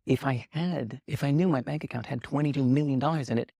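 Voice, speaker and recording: Animated man telling a story. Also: fast talker, creaky, no room sound, studio quality. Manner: animated, acts out quoted dialogue with lively jumps in pitch. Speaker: interview guest. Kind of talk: casual storytelling.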